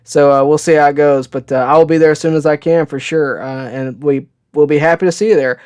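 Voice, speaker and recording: A man's voice: a little high, fairly even intonation, brisk, darkish tone, smooth. A man hosting a live sports show, chatting casually with viewers and telling stories with lots of "uh" and "okay?". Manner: casual, rambling storyteller with frequent "uh" and "okay?". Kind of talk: live-stream chat answering viewer questions.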